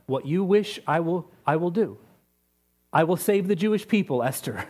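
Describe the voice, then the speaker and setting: A preacher putting on a brooding, ominous king in a deep, solemn voice. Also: lively intonation, moderate pace, darkish tone.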